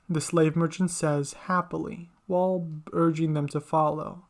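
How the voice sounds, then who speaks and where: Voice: mid-range voice, flat delivery, normal speed, few pauses. Narrator reading a fan story. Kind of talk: fan fiction story reading, all voices.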